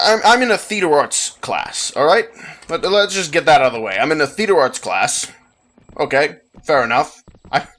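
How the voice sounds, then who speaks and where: A man's voice: medium pitch, a bit bright, a little hiss or hum. Giggly rambling young gamer guy. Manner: rambling, giggly, self-interrupting. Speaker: gameplay commentator. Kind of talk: casual let's play chat.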